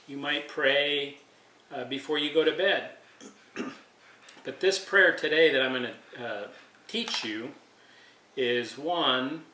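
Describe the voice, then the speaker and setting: A man teaching a preschool Sunday school lesson, patient and clearing his throat often. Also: on the high side, sharp tone. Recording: echoey room, far from the mic.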